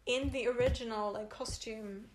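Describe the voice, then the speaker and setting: Female podcast co-host, rambling and giggly, slightly high voice, faint background noise. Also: fairly even intonation, moderate pace. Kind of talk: casual chat.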